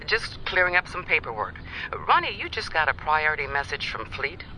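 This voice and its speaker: A woman's voice: low voice, sing-song, brisk, pushed and bright, slight background noise, heavily acted, rough recording. A stern female office boss. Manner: stern, curt. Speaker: office supervisor. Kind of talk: live-action drama acting.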